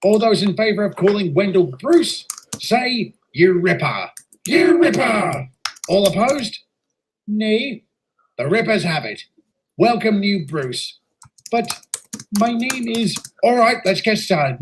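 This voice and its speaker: A boisterous Australian train engine, put on by a man, running a meeting with a rowdy, slangy bluster. His voice sits high and leaps wildly up and down as he chants and jeers. It is a broad, cartoonish comedy voice. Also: big pitch swings, takes it slowly, a little hiss or hum, heavily acted.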